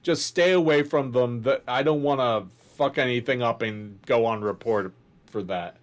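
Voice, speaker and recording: A man's voice: mid-range voice, moderate pace, natural voice. A man voicing a nervous guard who rambles and worries about getting in trouble. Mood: uneasy. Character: jittery rule-abiding guard.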